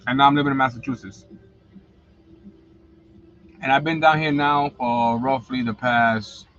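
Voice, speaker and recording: A man's voice: medium pitch, steady tone, a little slow, a bit bright, lo-fi sound, a little hiss or hum. A man, hosting a casual livestream, rambling and blunt with lots of slang and swearing. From New York. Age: 40s. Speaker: livestream host.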